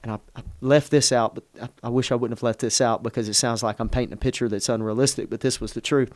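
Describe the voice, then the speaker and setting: A man's voice: medium pitch, steady tone, fast, a little mellow, no echo. A middle-aged pastor tells a personal story in conversation, earnest and emotional, often restarting his sentences. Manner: earnest, emotional, self-interrupting.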